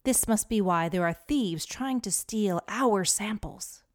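A woman's voice: medium pitch, slow, dry recording, clean studio sound, close to an everyday voice. A woman voicing a serious male volcanologist in a children's story. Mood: grave.

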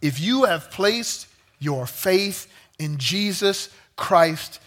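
A man preaching a sermon to a young crowd, telling a story with lively, joking asides. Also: high-pitched, drawn-out words. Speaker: youth pastor.

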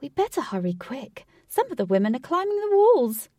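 A woman reading a story, voicing an excitable, flamboyant male club worker in a high, gushing voice. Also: slow, creaky, no echo, clean studio sound, heavily acted. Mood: excited.

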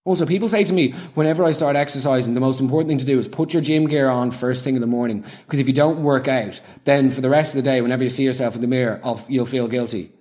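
A man's voice: mid-range voice, fast, few pauses, a little mellow. A man delivering a sarcastic comic monologue, full of ranting, exasperated asides. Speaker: comedian.

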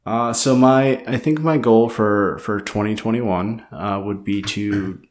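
A man's voice: fairly low pitch, fairly even intonation, slow. Dry young man co-host. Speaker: podcast co-host. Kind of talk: casual chat.

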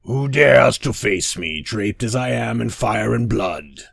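A man's voice: medium pitch, expressive, slow, vocal fry, dry recording, full character voice. A man reading aloud who voices a roaring, menacing male demon prince of fire. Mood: defiant.

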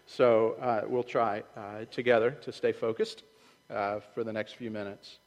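Conversational preacher in an echoey hall. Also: male voice, lowish voice, little pitch movement, a little slow. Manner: conversational preaching, acts out quoted voices. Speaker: pastor. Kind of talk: sermon. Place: church sanctuary.

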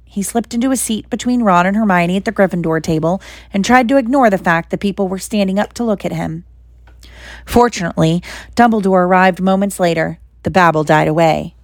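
Woman narrator for a storybook reading, steady, dry close sound. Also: mid-range voice, fairly quick, no room sound. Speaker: reader. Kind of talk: reading a novel aloud.

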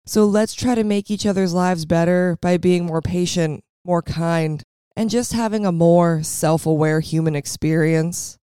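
A young adult woman with a raspy voice and a valley girl lilt, hosting a podcast in a casual, reflective monologue. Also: on the low side, fairly even intonation, measured pace, warm tone, no echo, clean studio sound. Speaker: podcast host.

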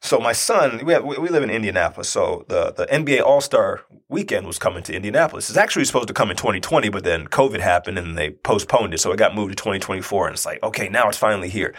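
A man in his forties telling a personal story in a conversational, animated way, often checking in with his listeners. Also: fairly low pitch, quick pace, hardly any pauses, husky. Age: 40s. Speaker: speaker and youth basketball coach.

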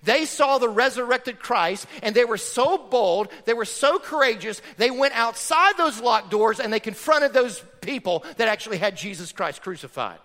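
A male pastor preaching with a bright, ringing voice that swoops across a wide range, pressing his points through rhetorical questions. His sermon carries the long reverb of a large church hall. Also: very high-pitched, expressive, normal speed, hardly any pauses. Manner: emphatic, rhetorical questions to the congregation.

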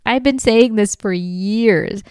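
A woman's voice: medium pitch, slow, a little mellow, clear, resonant tone, no room sound, studio quality. A middle-aged woman hosting a comedy podcast, telling a story in a casual way and laughing often as she talks. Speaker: podcast host.

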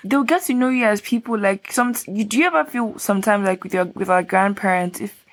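A woman's voice: mid-range voice, brisk. A woman in her twenties co-hosting a casual podcast chat, with lots of "like" fillers. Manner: chatty, many fillers like "like". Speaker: podcast co-host.

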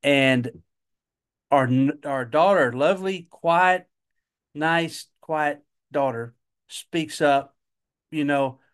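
A man recounts a family story at an unhurried pace. His voice sits a little high for a man, and his delivery is measured and dry. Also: smooth. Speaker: podcast co-host, father. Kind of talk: casual storytelling chat.

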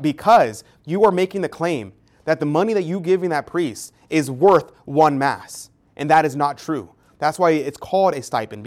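A man giving an earnest, emphatic Catholic teaching talk with a story. He often restarts and repeats words. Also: fairly high pitch. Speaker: Catholic speaker.

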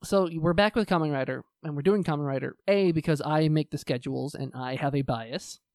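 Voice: medium pitch, fairly quick, no echo, clean studio sound. A podcast co-host chatting casually, swearing often and ranting with energy about shows they love and hate. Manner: profane, animated ranting.

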